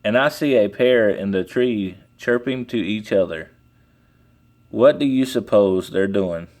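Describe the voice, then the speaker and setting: A man reading aloud and voicing a small, timid male piglet who talks quickly and eagerly. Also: on the low side, a little mellow, natural voice.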